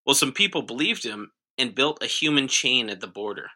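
A man's voice: medium pitch, lively intonation, a little fast, sharp tone. A man co-hosting a comedy podcast, reading out news items in casual banter with a dry, sarcastic delivery.

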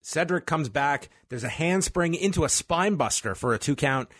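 Male podcast co-host, animated play-by-play recapper, dry booth sound. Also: on the high side, normal speed, no echo. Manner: play-by-play recapping with laughs and asides. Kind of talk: casual recap chat.

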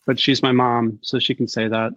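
A middle-aged man, an author guest, chatting casually and telling stories with quick asides and frequent laughter. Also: medium pitch, flat delivery, a bit bright, dry recording. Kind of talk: casual interview chat. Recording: dull lo-fi call audio.

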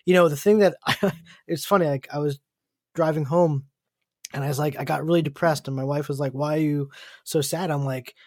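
A married man co-hosting a podcast, telling stories in animated casual chat and quoting others. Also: on the high side, fairly quick, no room sound, clean studio sound. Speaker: podcast co-host.

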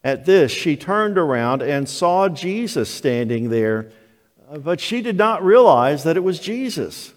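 An older man preaching a sermon as pastor, telling the story slowly and deliberately. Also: on the high side, big pitch swings. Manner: slow, deliberate storytelling delivery. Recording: long hall reverb of a church.

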